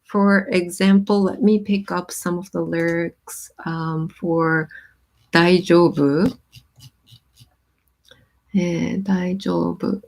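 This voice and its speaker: Woman on a live stream, kinda low voice, says um a lot while she explains lyrics. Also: monotone. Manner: thoughtful, pauses with many "um"s, reads lyrics aloud then explains.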